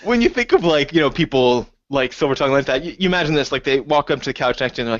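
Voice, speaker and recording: A man's voice: medium pitch, rapid-fire, no echo, muffled recording. A man co-hosting a podcast, chatting casually and retelling funny gaming stories by acting out his friends' lines. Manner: animated storytelling, acting out friends in quotes. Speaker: podcast co-host. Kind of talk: casual chat.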